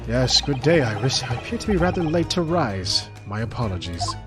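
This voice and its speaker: An eccentric detective speaks with genteel, theatrical poise, read aloud by a man. Game music plays clearly behind. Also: mid-range voice, very animated, normal speed, close to an everyday voice.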